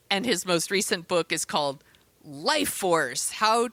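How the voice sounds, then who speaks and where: A woman co-hosts a podcast in a casual, joking back-and-forth. Her voice is bright and forceful and sits a little low for a woman. She rattles through plugs and source lists with easy energy. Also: animated, slow pace, dry recording. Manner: chatty, playful, reads lists of sources. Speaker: podcast co-host.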